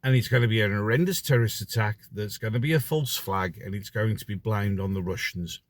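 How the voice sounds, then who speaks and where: A man's voice: on the low side, fairly quick, no room sound. Sarcastic man ranting. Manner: sarcastic, mocking, rhetorical questions. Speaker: vlogger. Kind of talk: ranting commentary.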